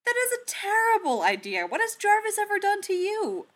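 A woman's voice: big pitch swings, moderate pace. Woman voicing an exasperated, grumbling male inventor. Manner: loud, high-pitched protests. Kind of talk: audiobook character reading.

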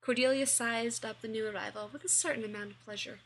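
A woman reading a fan fiction story aloud in a plain, steady way. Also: a little high, fast, husky. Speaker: reader.

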